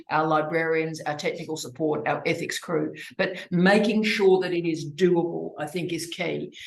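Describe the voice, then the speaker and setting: Effusive Australian woman hosting, echoey room. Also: sits low. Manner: effusive, affectionate, energetic. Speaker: university graduate studies host. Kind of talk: online information session.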